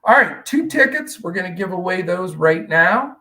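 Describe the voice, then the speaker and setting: A man's voice: high voice, very animated, normal speed, bright, forceful tone, far from the mic, poor audio. A man hosting a live stream, talking in a rambling, chatty way with many fillers. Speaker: host.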